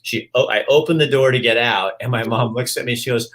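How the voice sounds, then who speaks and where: A man's voice: medium pitch, fairly quick, few pauses, fairly bright tone. A middle-aged man hosting an interview, telling a personal story in a reflective, casual way. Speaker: host.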